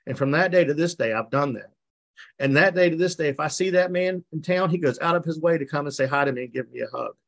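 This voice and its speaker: A man's voice: a little high, fast talker, creaky, fairly bright tone. A middle-aged man giving an earnest, emotional personal testimony over a video call, repeating himself as he tells his story. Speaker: speaker sharing his recovery story. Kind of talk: personal testimony at a recovery meeting.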